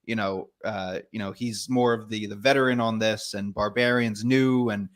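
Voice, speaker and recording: A man's voice: lowish voice, fairly even intonation, normal speed. A young man co-hosting a wrestling review podcast, laid-back and easygoing in casual chat. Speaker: podcast co-host.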